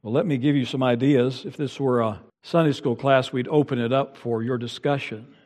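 A pastor preaching a sermon who swells loud and high on his emphases, then drops low and quiet. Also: steady tone, moderate pace. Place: church sanctuary. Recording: long reverb of a large hall.

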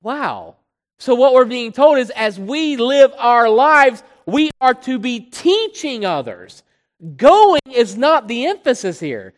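A preacher giving an expository sermon, pressing hard on key words and then dropping low and quiet, often repeating phrases while building a point. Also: very animated, slow pace. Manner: emphatic, swinging between loud stresses and quiet drops. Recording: long hall reverb.

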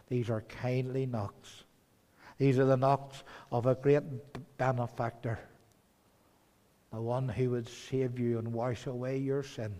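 A man preaching a sermon, swinging between loud urgent pleading and soft hushed tones. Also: mid-range voice. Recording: long hall reverb.

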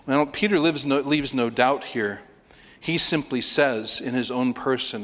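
A man preaching an expository sermon, emphatic, with rhetorical questions and swings between loud and quiet. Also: mid-range voice, measured pace. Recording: long reverb of a large hall.

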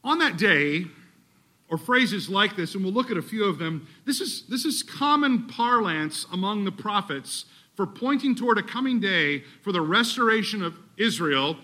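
Male pastor, sermon, high voice, very bright tone, emphatic rhetorical questions. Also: expressive, normal speed. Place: church sanctuary.

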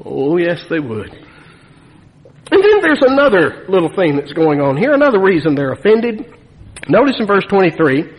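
Animated folksy preacher man in a hall. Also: sits high, moderate pace. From Nevada. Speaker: pastor. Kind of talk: sermon. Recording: long reverb of a church hall.

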